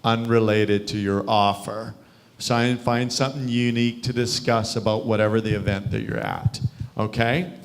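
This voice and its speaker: A man's voice: on the low side, lively intonation, normal speed, noisy background. A man leading a sales training over a video call, coaching and quizzing his listeners. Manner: coaching, asks the group questions. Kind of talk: live training session.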